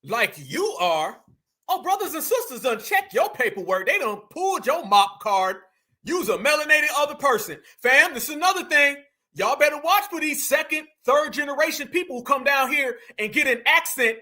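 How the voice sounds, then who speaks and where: A man's voice: very high voice, lively intonation, brisk, sharp tone. A man hosting a fiery political commentary broadcast, speaking in with an emphatic, mocking, preacher-like delivery that calls out to his audience. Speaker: commentary channel host.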